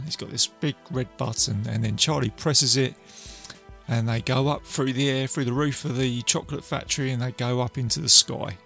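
A man's voice: mid-range voice, steady tone, normal speed, vocal fry, bright, forceful tone, soft background music. A man casually retelling a film's plot, rambling and full of fillers. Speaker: film reviewer. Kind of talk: casual film recap to camera.

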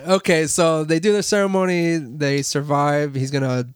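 A man talking through a movie plot in a laid-back, lightly profane way. His voice sits a little high and sounds smooth, recorded dry and close. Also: level tone, moderate pace, no echo. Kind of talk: casual movie discussion.

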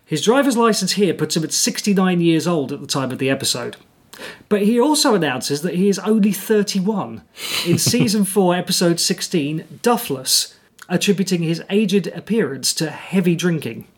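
A man co-hosting a casual podcast, reading through his notes with dry, wry timing. His voice sits a little high and has a husky edge. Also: lively intonation, moderate pace. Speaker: podcast co-host. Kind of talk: casual chat with scripted segments.

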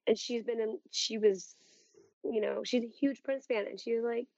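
A husky-voiced woman in her thirties talks at length in casual podcast chat, earnest and rambling. Her pitch sits a little high. The sound is dry and dull, like a lo-fi home recording. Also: fairly even intonation, a little mellow, dry recording. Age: 30s. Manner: rambling, earnest, quick asides. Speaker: podcast co-host.

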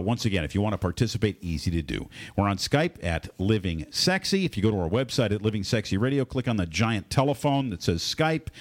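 A man hosting a casual radio talk show from a studio, with animated, filler-heavy patter. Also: mid-range voice.

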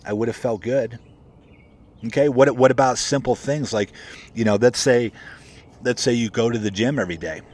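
A man's voice: medium pitch, brisk, darkish tone. A man giving a casual motivational talk to his viewers and coaching real estate agents. He talks in a conversational, emphatic way, repeats his points and keeps calling his listeners "guys". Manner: greets viewers by name while talking.

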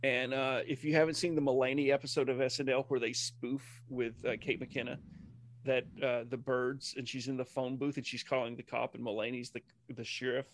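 A man's voice: mid-range voice, flat delivery, a little fast, slight background noise. A man co-hosting a podcast, telling rambling personal stories in casual chat, often breaking off mid-sentence. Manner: rambling, self-interrupting storyteller. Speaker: podcast co-host. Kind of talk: casual chat about a TV episode.

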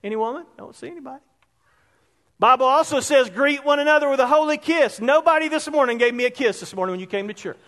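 A male pastor with a very high voice delivers a relaxed, conversational sermon and often puts questions to his congregation. His words ring out with a long reverb from the church hall. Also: quick pace. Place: church sanctuary.

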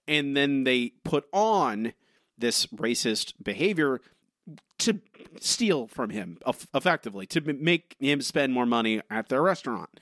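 A man's voice: medium pitch, sing-song, unhurried, fairly bright tone, no room sound, studio quality. A man co-hosting a podcast in casual chat, rambling animatedly with lots of filler words. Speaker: podcast co-host.

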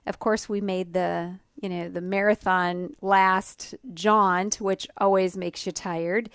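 A woman co-hosting a radio talk show, speaking reflectively with pauses and ums. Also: mid-range voice, steady tone, fairly bright tone, clean tone, dry recording, studio quality.

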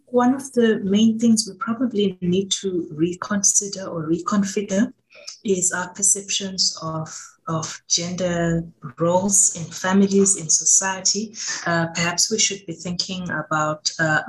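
A middle-aged woman, a law professor, giving thoughtful, measured answers in a radio interview and pausing to choose her words. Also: fairly low pitch, steady tone, poor audio.

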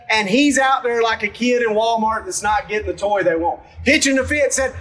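High-voiced pastor preaching from afar. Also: male voice, moderate pace, few pauses, far from the mic, low-quality recording. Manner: conversational, animated, acts out story characters. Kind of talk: sermon.

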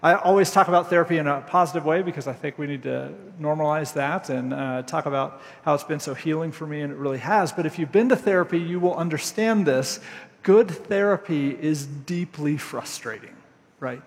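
A man's voice: on the high side, fairly quick, big-room sound. A man preaching a sermon in a candid, conversational way, acting out little dialogues as he talks. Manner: candid, conversational, acts out dialogue with animated shifts. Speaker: pastor.

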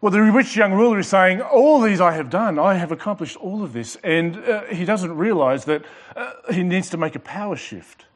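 A man's voice: sits high, lively intonation. A male pastor preaching a sermon with emphatic delivery, repeating and underlining his words. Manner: emphatic preaching with pauses and repetitions.

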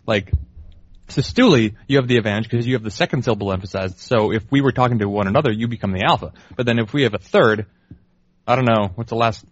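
Young male co-host, dry wry banter, mid-pitched, dead-dry and a bit dull in tone. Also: fast talker, dry recording. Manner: dry, wry, rambling riffs. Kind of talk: casual banter.

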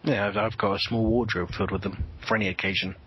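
A man as a podcast guest in casual chat, telling crude jokes in a deadpan way. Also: lowish voice, fast, breathy edge, lo-fi sound.

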